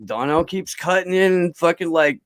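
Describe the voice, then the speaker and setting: A man's voice: a little high, animated, normal speed, dry recording. Rambling, profane man telling a story. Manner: rambling, profane, full of fillers. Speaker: podcast guest. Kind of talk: casual storytelling chat.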